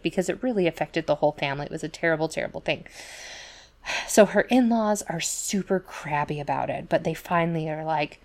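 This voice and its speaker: A woman with a deep, low-pitched voice chats casually as a podcast co-host. She rambles through stories full of "like" and "you know" and slips into the voices of the people she quotes. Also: brisk, a little mellow. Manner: chatty storytelling full of fillers and asides; acts out quoted voices in retellings. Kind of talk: casual chat.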